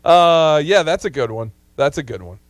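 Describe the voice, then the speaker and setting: A man's voice: fairly high pitch, big pitch swings, normal speed, no room sound. A man in his thirties hosting a sports radio show, chatting casually and laughing easily. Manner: upbeat, laughs easily, emotional.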